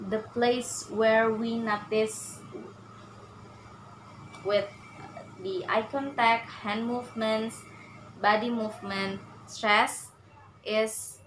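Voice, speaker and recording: Very slow, halting woman presenting. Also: a little high, fairly bright tone, a little hiss or hum, low-quality recording. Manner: halting, many pauses and fillers. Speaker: student presenter. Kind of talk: class presentation on English stress.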